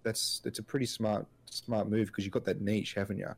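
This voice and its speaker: A man's voice: lowish voice, little pitch movement, brisk, husky. A man co-hosting a casual podcast, rambling through his points with lots of filler words and restarts. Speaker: podcast co-host. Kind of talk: casual chat.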